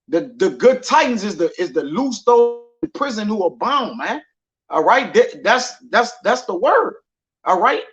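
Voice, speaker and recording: A man's voice: extremely high pitch, fairly bright tone. A man teaching scripture in a loose, conversational way, often tagging his lines with "man" and "all right". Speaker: preacher. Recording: dull lo-fi audio.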